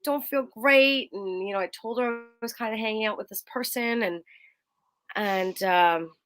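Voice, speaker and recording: A young woman co-hosting a casual chat, telling a personal story in an animated way and acting out quotes in a higher voice. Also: normal speed. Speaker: co-host.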